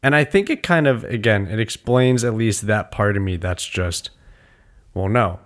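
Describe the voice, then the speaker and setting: A man's voice: fairly low pitch, normal speed. A man in casual podcast chat, talking in a defiant, intense way with plenty of swearing. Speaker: podcast co-host.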